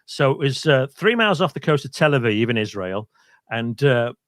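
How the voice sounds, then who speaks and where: A man's voice: medium pitch, expressive, normal speed, fairly bright tone, dry recording, clean studio sound. A middle-aged man, a radio presenter, casually telling an anecdote on a quiz stream and acting out the voices in it. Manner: chatty storyteller, acts out voices in his anecdotes.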